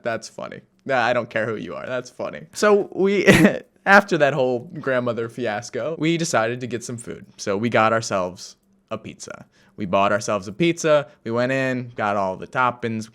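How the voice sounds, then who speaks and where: Young man from the states, mid-pitched voice, casual storytelling, rambling and self-amused. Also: a bit bright, clean tone. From United States. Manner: rambling, self-amused, many fillers and restarts. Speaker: vlogger.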